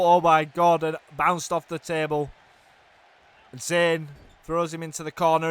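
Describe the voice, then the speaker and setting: Excitable man calling wrestling. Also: a little high, measured pace, long pauses, smooth. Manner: exclamatory, swings from hushed groans to loud shouts. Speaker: YouTuber commentating a wrestling game. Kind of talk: excitable play-by-play commentary.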